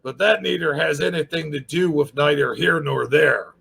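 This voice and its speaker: A man's voice: fairly high pitch, normal speed, creaky, a bit bright, husky. A man hosting a casual channel review, sarcastic and rambling.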